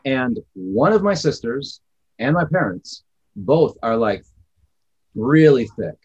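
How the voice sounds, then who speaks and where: Man from Wisconsin, casual podcast co-host, reflective rambler, husky tone, muffled audio. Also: mid-range voice, big pitch swings, takes it slowly, a little mellow.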